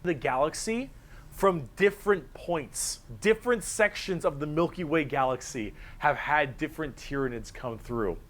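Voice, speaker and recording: A man's voice: a little high, expressive, normal speed, fairly bright tone. A man narrating a video in an earnest, explanatory way. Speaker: lore narrator.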